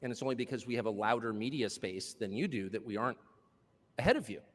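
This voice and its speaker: A man's voice: medium pitch, fast talker. A man giving a political speech to a live audience, impassioned and sardonic, with mocking asides. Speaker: speaker addressing a live audience. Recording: long hall reverb.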